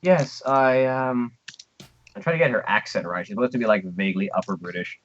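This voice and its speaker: A man's voice: fairly low pitch, fairly quick, a bit bright, dull audio. A man running a tabletop game as game master, chatting casually and hesitantly with lots of ums and restarts. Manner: hesitant, full of ums and repeats.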